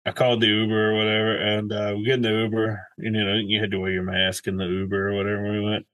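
Animated man acting out his stories. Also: on the low side, fast, rough recording. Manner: animated storyteller, acts out quotes. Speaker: podcast co-host. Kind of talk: casual chat.

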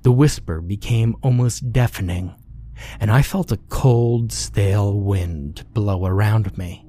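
A man narrating a scripted horror story in a measured, hushed way. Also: on the low side.

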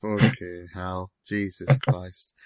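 A man hosting a casual film discussion, animated and quick to swear. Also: low voice, a crowd in the background. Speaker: host.

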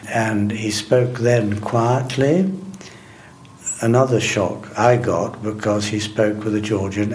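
An older man answering interview questions, telling his memories in a measured, deliberate way with occasional hesitations. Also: on the low side, a little hiss or hum. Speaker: interviewee recalling wartime interpreting.

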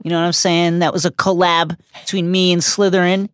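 A woman's voice: on the low side, little pitch movement, a little fast, clean tone, no echo, studio quality. A woman co-hosting a podcast, reading a playful scripted recap of a book with jokey slang asides. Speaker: podcast co-host.

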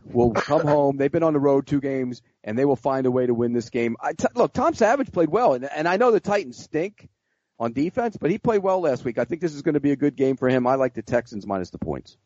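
A man giving blunt, halting picks as a sportswriter in casual podcast chat. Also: mid-range voice, lively intonation, a little mellow, dry recording. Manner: blunt, halting, restarts often. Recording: dry dull lo-fi podcast audio.

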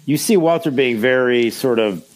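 A man's voice: mid-range voice, moderate pace, poor audio. A man co-hosting a podcast, chiming in with brief agreeing remarks and comments. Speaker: podcast co-host. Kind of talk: casual chat.

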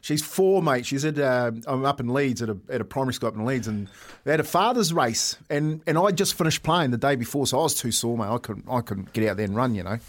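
A man in his thirties co-hosting a sports breakfast show, an animated storyteller who says mate a lot. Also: medium pitch, fast. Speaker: sports radio co-host, former player. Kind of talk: casual sports chat, storytelling.

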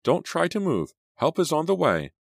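A man voicing an anxious middle-aged male drama teacher in an audiobook, with a trembling, high-strung manner. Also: huge pitch swings, moderate pace, gravelly, breathy edge, no echo, clean studio sound, heavily acted. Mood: tender. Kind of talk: audiobook character voice.

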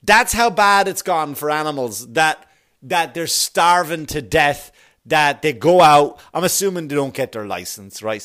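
A man's voice: medium pitch, fairly bright tone. A middle-aged man doing a profane stand-up routine, rambling and acting out little scenes in put-on voices. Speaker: stand-up comedian.

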